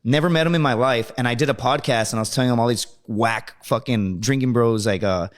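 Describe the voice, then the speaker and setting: A man spins loose, profane anecdotes at a quick clip, checking in with "right?" as he goes. His voice sits at an ordinary pitch, and he keeps chuckling through the telling. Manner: rambling, profane, tags lines with "right?". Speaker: podcast guest. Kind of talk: casual storytelling.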